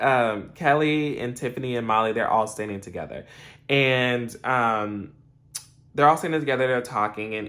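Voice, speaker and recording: A young man casually recapping a TV episode, animated and laughing, acting out the characters' lines. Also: lowish voice. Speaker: TV episode reviewer.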